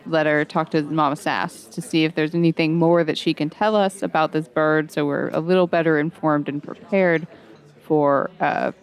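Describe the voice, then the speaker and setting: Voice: medium pitch, steady tone, moderate pace, smooth. A player speaking casually and a little hesitantly in a tabletop game.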